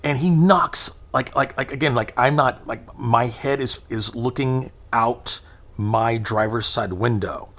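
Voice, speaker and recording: A man's voice: medium pitch, unhurried. A man in his thirties telling a long, rambling story in casual conversation, acting out the voices of the people in it. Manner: animated, rambling anecdote with acted-out quotes.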